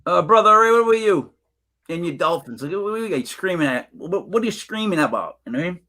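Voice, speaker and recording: A man with a high voice co-hosts a fantasy football podcast. He tells stories with a lot of life and acts out what people said, in an easy, chatty way. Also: fast talker. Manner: animated storyteller, acts out quotes. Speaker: podcast co-host. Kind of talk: casual sports chat.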